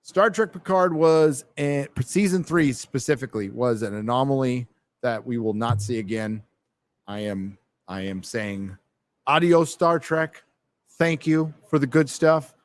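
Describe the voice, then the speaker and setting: With a mid-range voice at a slightly slow pace, a man hosts a relaxed livestream in a fandom bar. He's loose and profane, laughs frequently, and reads the donations and chat aloud.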